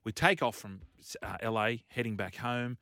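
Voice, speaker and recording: An Australian man on a radio show, telling a story in a lively, laughing way. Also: lowish voice, normal speed, no room sound, clean studio sound. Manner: animated storyteller, laughs often. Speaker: radio co-host. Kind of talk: casual radio banter. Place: radio studio. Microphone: studio mic.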